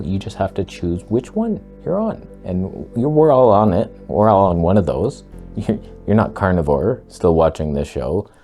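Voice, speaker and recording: A man talking casually to camera as a vlogger, blunt, sarcastic and excitable. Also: low-pitched.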